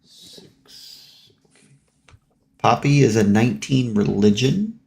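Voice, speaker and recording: A man playing a tabletop game, incredulous and animated. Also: mid-range voice, slow pace, gravelly. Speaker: player. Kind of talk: casual game talk.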